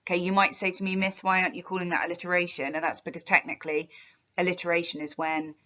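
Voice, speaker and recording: A woman's voice: fairly low pitch, little pitch movement, fast, pushed and bright, highs cut off. A woman teacher walking through a poem line by line, chatty and explanatory, with fillers and restarts. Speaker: English literature teacher. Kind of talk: poetry analysis lesson.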